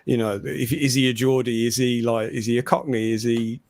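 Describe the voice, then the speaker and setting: A man's voice: medium pitch, flat delivery, normal speed, darkish tone. A man co-hosting a podcast in casual chat, chatty and laughing often. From England. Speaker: podcast co-host.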